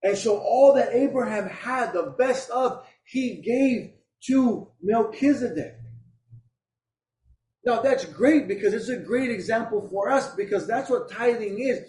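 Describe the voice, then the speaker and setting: In a church, a middle-aged pastor preaches a sermon with emphatic, conversational delivery. His voice is very high, a little slow, and darkish in tone. The room echoes and he sounds distant from the mic.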